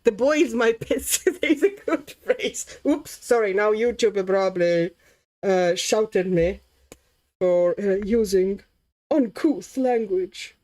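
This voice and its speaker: A woman from Latvia talking through a relaxed colouring livestream. She chats with viewers, reads their comments aloud, and muses about her work as she goes. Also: medium pitch, slow pace. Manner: chatty and easily amused, reading out comments while working. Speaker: livestream host colouring while chatting. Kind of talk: casual livestream chat.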